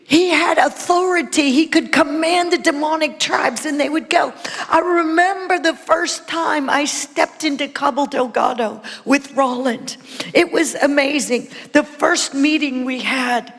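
A woman preacher giving a dramatic sermon testimony, stammering through restarts and dropping into whispers. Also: high-pitched. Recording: long hall reverb.

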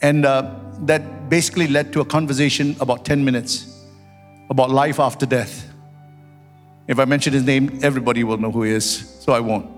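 A man's voice: medium pitch, steady tone, fairly quick, in a large hall, faint music behind. A man preaching a sermon as a pastor, telling stories and building into fervent prayer. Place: church sanctuary.

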